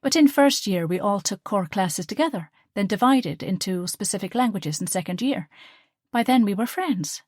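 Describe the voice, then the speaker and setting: A woman's voice: mid-range voice, animated, normal speed, darkish tone, dry recording, voice pushed up, close to an everyday voice. Female reader as young woman student in love, earnest and pleading, raised voice, dry close audiobook sound.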